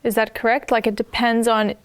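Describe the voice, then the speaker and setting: A woman from Australia hosting a radio interview, listening closely with soft affirmations and asking thoughtful follow-up questions. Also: on the high side, flat delivery, brisk. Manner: attentive, frequent soft affirmations. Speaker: host.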